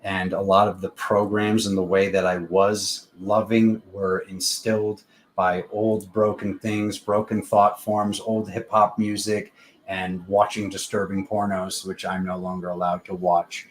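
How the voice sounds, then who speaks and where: A man hosting a casual live-stream tarot reading, talking in an unhurried, rambling spiritual way with many fillers. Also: low voice, little pitch movement, slight background noise, low-quality recording.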